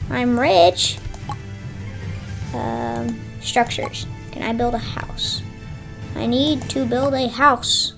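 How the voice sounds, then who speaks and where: A woman's voice: a little high, slow pace, creaky, long pauses, soft background music. A woman giving casual, chatty commentary on her own gameplay, talking to herself and yelping when surprised. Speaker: gameplay streamer.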